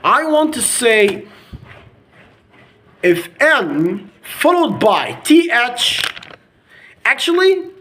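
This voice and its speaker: A man's voice: sits high, a bit bright, a little hiss or hum. A man whose first language is Arabic, teaching English pronunciation to children. He drills each word by repeating it several times. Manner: drills words by repeating them over and over.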